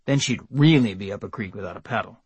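A man reading an audiobook in measured, even scripted narration. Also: on the low side, husky, no room sound.

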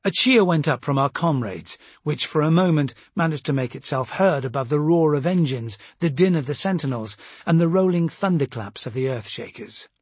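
Guy reading an audiobook in first person, husky voice, kinda high for a man, dry close sound. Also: lively intonation, moderate pace, darkish tone, no echo. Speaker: audiobook narrator. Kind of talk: first-person scripted narration.

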